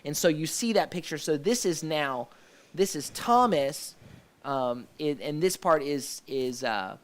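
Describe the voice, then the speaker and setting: Gravelly-voiced man hosting a chat. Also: mid-range voice. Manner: hesitant, many restarts and fillers; enthusiastic about the scenes he describes. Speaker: host of a faith discussion show. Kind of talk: casual live discussion.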